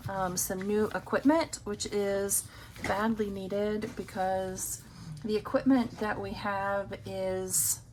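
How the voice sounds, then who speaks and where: A woman vlogging about her budget at home, chatting casually and rambling with many pauses and ums while counting cash. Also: mid-range voice, a little mellow, slight background noise, poor audio.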